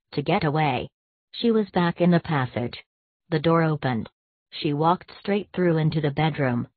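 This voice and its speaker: A woman narrating a classic short story as an audiobook reader, measured and hushed. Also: low-pitched, dry recording. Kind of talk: scripted narration. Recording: tinny phone-like dry sound.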